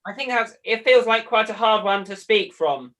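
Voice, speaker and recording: A man's voice: high voice, expressive, moderate pace, fairly bright tone. A British man helping out in a drama workshop, light and self-mocking as he tries out voices. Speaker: workshop assistant. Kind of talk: casual chat.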